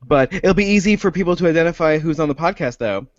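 A man's voice: a little high, expressive, fast talker, no echo, dull audio. A man co-hosting a casual podcast, rambling and joking at his own expense. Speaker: podcast co-host.

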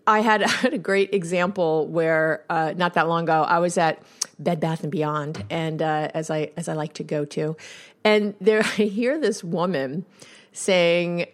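A woman's voice: on the low side, a little slow. Woman host, counselor, casual storyteller, conversational asides. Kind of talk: casual podcast monologue.

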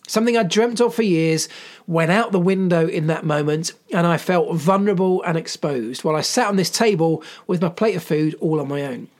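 A middle-aged man, a former mechanic, telling a personal story in an earnest, emphatic way and repeating phrases for weight. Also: high-pitched. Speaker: former Formula One mechanic.

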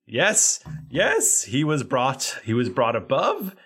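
A man's voice: mid-range voice, huge pitch swings, slow pace, a bit bright, husky, exaggerated voice. A man voicing a boastful male alien goo creature in a tabletop game, with a wobbly put-on British accent that keeps slipping. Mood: threatening. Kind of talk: tabletop role-play character voice.

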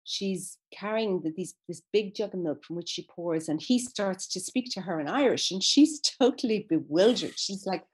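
A woman speaking as an interview guest about literature, thoughtful and enthusiastic, often pausing to search for words. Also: mid-range voice, lively intonation, breathy edge. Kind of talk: conversational interview.

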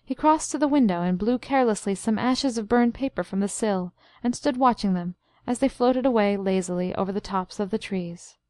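A woman reading a short story as narrator, in even, measured storytelling. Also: medium pitch, no echo, clean studio sound. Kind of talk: scripted audiobook narration.

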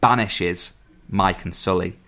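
A man's voice: low-pitched, slow pace, sharp tone. A man in casual chat, recapping a film plot at length and stumbling over some words. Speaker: podcast co-host.

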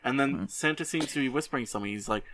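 A young adult man hosting a show who casually retells a movie in animated bursts. He swears freely and often restarts his sentences. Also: mid-range voice, racing, slight background noise. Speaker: host.

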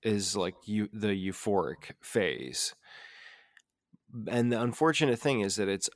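A man's voice: on the low side, lively intonation, a little slow, dry recording, clean studio sound. A man co-hosting a podcast, talking in an easygoing, earnest way, often saying "dude" and "you know". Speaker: podcast co-host. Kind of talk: casual chat.

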